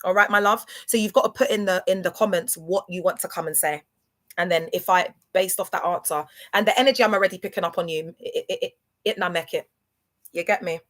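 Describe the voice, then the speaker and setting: A woman hosting a casual live stream, talking fast and slangy and often checking whether listeners follow her. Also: lowish voice. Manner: animated, slangy, asks "do you get what I'm saying". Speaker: livestream host.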